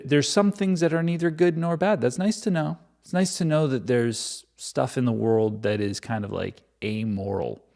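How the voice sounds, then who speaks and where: Man, mid-pitched voice, Bible reading, sarcastic asides, mocking commentary. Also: a little mellow.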